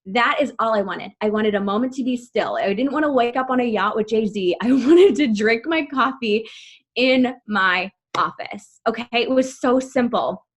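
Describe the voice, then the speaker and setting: A woman in her thirties leads a team call as a motivational coach. Her voice sits slightly high, and she speaks in an upbeat, emphatic way with frequent laughter. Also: normal speed, husky.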